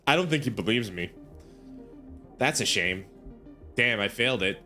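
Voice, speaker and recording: A man's voice: fairly low pitch, normal speed, faint music behind. A young man streaming a game, reading its dialogue aloud and reacting with exasperated, swearing commentary. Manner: animated, exasperated, swears freely.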